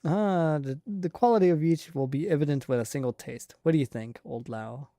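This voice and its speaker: Gravelly young man streaming a game. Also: a little high, normal speed, dark tone, no echo, studio quality. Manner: wry, offhand asides. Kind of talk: casual gameplay commentary and reading game dialogue aloud.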